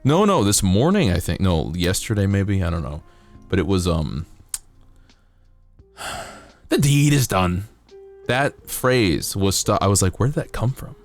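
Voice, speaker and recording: A man's voice: sing-song, moderate pace, long pauses, soft background music. Rambling jokey male streamer. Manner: rambling, jokey, bursts into silly high voices and singing. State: dry throat. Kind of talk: casual livestream chat while building a model kit.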